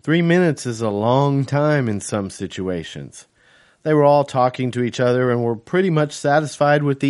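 A man reading his own novel aloud as first-person audiobook narration, in a steady, measured way. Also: mid-range voice.

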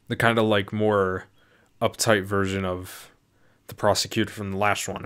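A man's voice: lowish voice, animated, moderate pace. A young man casually commenting on a game and reading its dialogue aloud, with swearing and mock voices. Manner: profane, reads dialogue aloud in put-on voices. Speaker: gaming YouTuber. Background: loud game music.

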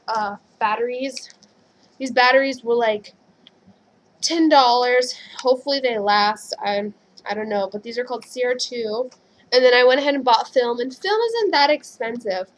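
Young female vlogger, high voice, excitable and gushing, faint background noise. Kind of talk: casual haul vlog.

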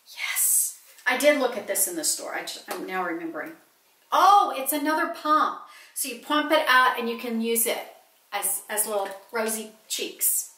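Casual vlogger, woman, bright tone, bubbly and gushing; camera on a table, echoey room. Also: a little high. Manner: gushing, chatty, exclaims over cute things. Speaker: vlogger showing purchases. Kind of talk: casual haul chat to camera. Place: home office, indoors. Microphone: camera set on a small table.

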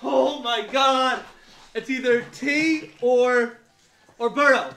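A man hosting a live card break, reading out player names and shouting with excitement over big pulls. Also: extremely high pitch, slow pace. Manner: reads out player names one by one. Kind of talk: live card-opening stream.

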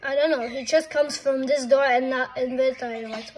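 A woman's voice: high voice, fairly even intonation, a little fast, few pauses, music in the background, poor audio. A young woman playing a horror game and commenting, swearing a lot and sounding jumpy and frightened. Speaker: gamer.

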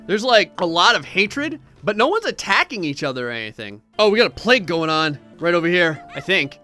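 A man giving jokey, excitable commentary while playing a god game in VR. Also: sits high, a little fast, faint music behind. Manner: jokey, excitable, mock-godlike. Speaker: gameplay commentator. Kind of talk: playful VR gameplay commentary.

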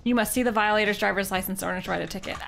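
A woman's voice: mid-range voice, steady tone, racing, vocal fry, fairly bright tone, faint music behind. A woman streamer playing an old adventure game, reading its text aloud with playful jokes. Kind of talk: casual game livestream commentary.

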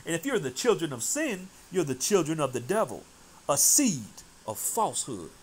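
A man's voice: on the high side, big pitch swings, normal speed, breathy edge. A man preaching in a fiery, scolding way, commenting on a debate clip and reading scripture aloud.

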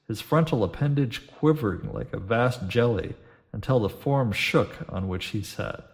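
A man reading a classic adventure story aloud as audiobook narrator, in a measured storytelling manner. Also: fairly low pitch, gravelly.

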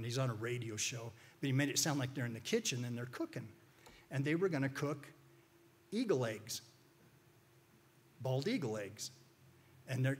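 Guest speaker, male, husky, folksy and rambling storyteller. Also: medium pitch. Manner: folksy, rambling, frequent restarts and fillers. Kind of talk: informal church talk with storytelling.

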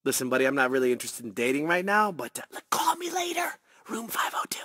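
A sarcastic, bright-voiced bystander. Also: male voice, on the high side, wildly swooping pitch, dry recording, studio quality, exaggerated voice. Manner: sarcastic, quick. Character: sarcastic male bystander brushing off a stranger.

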